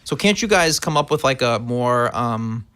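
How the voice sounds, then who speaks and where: A man's voice: mid-range voice, expressive, moderate pace, fairly bright tone, clear, resonant tone. A man in his forties with a Brooklyn accent, a therapist guest telling rambling, candid stories in casual podcast chat.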